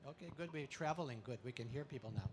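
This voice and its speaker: A man giving a playful talk to an audience at an expo, full of deadpan puns and laughter exercises, speaking into a handheld mic. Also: mid-range voice, fast talker, slight background noise. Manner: pun-filled deadpan jokes. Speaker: comedic spiritual speaker.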